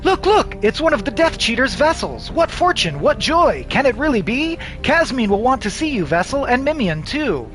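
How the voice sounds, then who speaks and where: A man voicing an eager cult member who gushes with excitement. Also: very high-pitched, moderate pace, few pauses, soft background music, voice pushed up, heavily acted. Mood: overjoyed. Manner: gushing and overjoyed.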